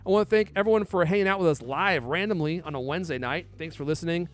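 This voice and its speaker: A man's voice: a little high, quick pace, faint music behind. A man hosting a podcast in a casual, joking, chatty way. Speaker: podcast host.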